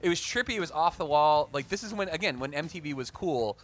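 A man co-hosting a casual podcast chat, rambling and excitable, quick to joke about himself. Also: fairly high pitch, soft background music. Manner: rambling, excitable, self-deprecating. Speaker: podcast co-host.

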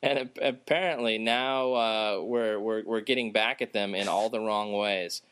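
A man's voice: on the low side, steady tone, unhurried, fairly bright tone, smooth, no room sound. A man talking in a rambling, filler-heavy way, swearing a lot, as he chats casually on a podcast. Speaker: podcast co-host. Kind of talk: casual chat.

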